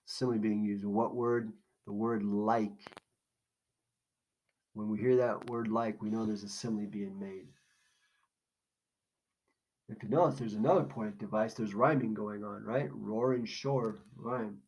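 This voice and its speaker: A man's voice: on the low side, steady tone, unhurried, pauses often, a little mellow, muffled recording. A man teaching a recorded poetry lesson, explaining in a casual way and asking questions that he then answers himself. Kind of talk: recorded classroom lesson walkthrough.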